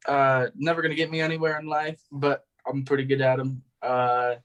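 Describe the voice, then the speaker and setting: A man's voice: medium pitch, little pitch movement, moderate pace, a bit bright, dull audio. A man being interviewed as a guest, talking loosely, laughing often and swearing casually. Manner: giggly, loose, swears a lot.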